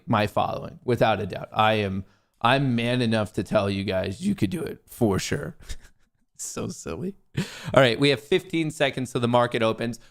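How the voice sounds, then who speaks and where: A young man hosting a live stock market stream, joking and energetic. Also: mid-range voice, creaky. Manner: joking, energetic, swings into put-on voices. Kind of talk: casual live-stream chat.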